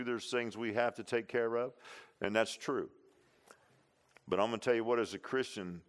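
Low-voiced preacher, repeating. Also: male voice, clear, resonant tone. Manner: impassioned preaching, repeats lines for emphasis, "huh?" and "amen" asides. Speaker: pastor. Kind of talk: sermon.

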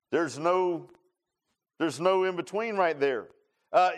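A man preaching a folksy sermon, joking with his congregation and calling on people by name. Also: a little high. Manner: folksy, animated, laughing, talks to congregation by name. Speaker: pastor. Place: church sanctuary.

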